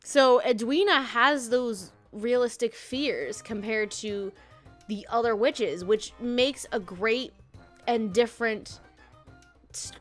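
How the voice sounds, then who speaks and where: A woman's voice: fairly high pitch, slow pace, soft background music. A woman hosting a casual podcast chat, rambling and self-correcting, laughing often. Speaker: podcast host reviewing an audio drama.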